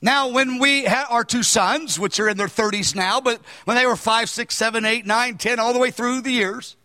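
High-voiced, bright older male preacher. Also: normal speed, big-room sound. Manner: earnest, emphatic, bursts of shouting. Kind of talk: sermon.

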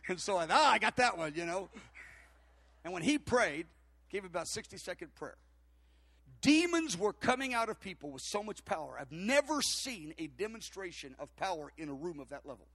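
A man's voice: high voice, moderate pace, slightly rough, no room sound. An older man preaching, telling a long personal story with many fillers and restarts. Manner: animated, rambling anecdotes with many fillers and restarts. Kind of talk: storytelling sermon.

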